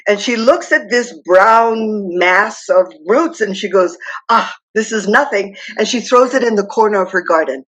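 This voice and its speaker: A woman from Hawaii telling a traditional myth slowly and dramatically as a guest speaker. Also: mid-range voice, fairly bright tone, poor audio. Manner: slow, dramatic storytelling that acts out the characters.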